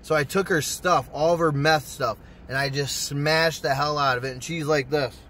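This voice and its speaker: A young man telling a personal story to his channel in a casual, profane, excitable way. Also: a little high, normal speed, slight background noise. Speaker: storytime vlogger.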